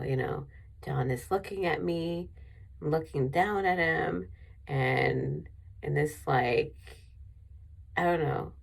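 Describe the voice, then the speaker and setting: A woman's voice: sits low, slow pace, gravelly, pauses often. A woman vlogger telling a personal story in a rambling way with many restarts, emotional and near tears.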